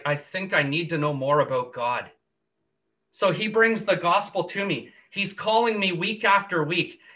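A man giving an earnest gospel testimony, telling his story and dropping low and quiet for quoted words. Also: far from the mic. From Canada.

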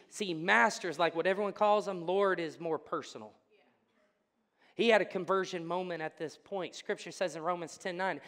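Male pastor, sermon delivery, dynamic swings from hush to exclamation; church sanctuary with lingering reverb. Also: on the high side. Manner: swings between hushed intensity and loud exclamation.

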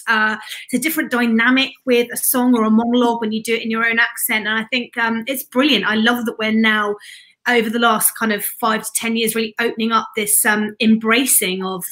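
Woman host on a video call, bright and kinda high, gushing, reads out viewer msgs. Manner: enthusiastic, effusive, reads out viewer messages. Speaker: host of a live-stream Q&A. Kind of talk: hosting a live-stream Q&A.

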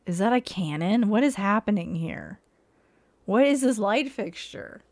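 A woman's voice: medium pitch, expressive, unhurried, darkish tone. A woman streamer giving live commentary on house listings, mock-outraged and exasperated. She swears, laughs often and fires off rhetorical questions. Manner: reacting aloud, asking rhetorical questions.

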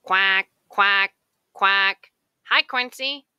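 A woman voicing a loud, cheerful female duck who keeps quacking and shouting in a storybook. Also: medium pitch, extremely slow, clear, resonant tone, dry recording, clean studio sound, heavily acted. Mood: chatty.

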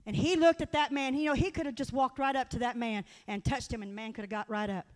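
A woman's voice: on the high side, steady tone, fast. A woman delivering a folksy, earnest sermon in church, telling stories and appealing directly to her listeners. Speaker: guest speaker at church. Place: church sanctuary. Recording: long hall reverb.

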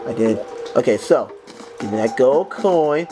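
A young man giving casual, jokey commentary as he plays a game, yelling at enemies and breaking into bits of song. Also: medium pitch, measured pace, poor audio. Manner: excitable, jokey, talks to enemies, sings snatches. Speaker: gaming channel host. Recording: music playing under the voice.

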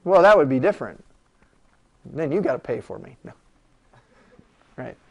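A man teaches a law class in a classroom, his voice sitting a little high. He talks in an animated, joking way and keeps throwing rhetorical questions at the students. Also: moderate pace, gravelly, lo-fi sound. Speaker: law lecturer. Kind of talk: classroom lecture.

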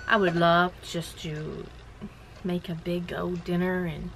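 A woman's voice: on the low side, little pitch movement, takes it slowly, creaky, fairly bright tone, slight background noise, low-quality recording. A woman chatting casually from home in a rambling vlog, laughing often. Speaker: vlogger running a shirt business.

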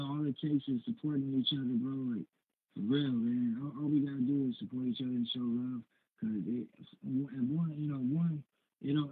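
A man, an independent rap artist, speaking as a guest in casual interview chat, easygoing and full of filler phrases, with a raspy voice. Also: medium pitch. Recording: tinny phone line.

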